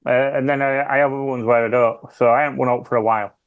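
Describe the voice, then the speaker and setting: A man's voice: medium pitch, steady tone, rapid-fire, narrow, tinny audio, crowd noise. A British man chatting casually on a podcast, rambling and trailing off as he talks. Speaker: podcast panelist. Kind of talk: casual chat.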